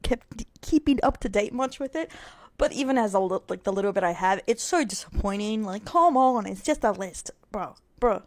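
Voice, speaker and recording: A woman's voice: mid-range voice, lively intonation, moderate pace, darkish tone. A woman hosting a reaction video, chatting casually with giggly, rambling asides.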